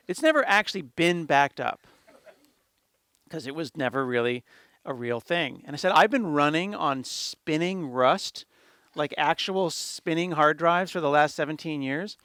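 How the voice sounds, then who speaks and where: A middle-aged man tells a lively, jokey story to an audience, slipping into quick impressions of the people he quotes. His voice sits a little high and comes through smooth and clear. The sound is dry and close. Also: no room sound. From United States. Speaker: conference speaker. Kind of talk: storytelling tech talk.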